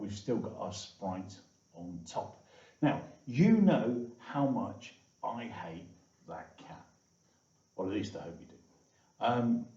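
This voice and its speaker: Low-voiced man teaching coding, echoey and distant. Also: warm tone. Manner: chatty, frequent "all right" and "okay". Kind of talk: screen-recorded coding tutorial. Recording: echoey, distant, dull lo-fi room sound.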